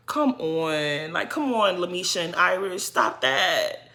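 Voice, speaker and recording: Young woman, casual reaction vlogger, animated and exasperated, bright forceful voice, higher pitch. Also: a little slow. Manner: animated, exasperated, talks straight to the people she discusses. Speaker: reality TV commentator.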